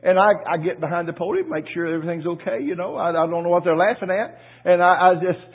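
A husky-voiced male pastor preaches in a folksy, story-telling way, stumbling over repeated words before building to loud cries of praise. His voice sits a little high for a man. The audio is thin and narrow, like a phone recording. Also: quick pace. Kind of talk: sermon with storytelling.

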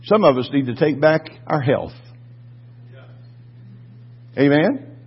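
Male pastor, fiery sermon, lively husky voice, muffled lo-fi recording. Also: on the high side, slow. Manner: fervent, swings from quiet to shouting.

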